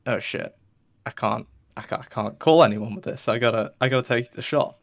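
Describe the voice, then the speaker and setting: A man playing a panicked young man on the run, who stammers and rushes his words. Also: mid-range voice, fairly bright tone, natural voice.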